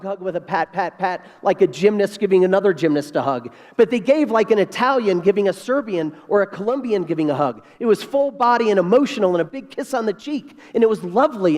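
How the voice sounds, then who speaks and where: A man of about fifty giving a keynote speech as an animated storyteller who repeats key phrases for emphasis. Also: high voice. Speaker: keynote speaker. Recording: reverberant hall.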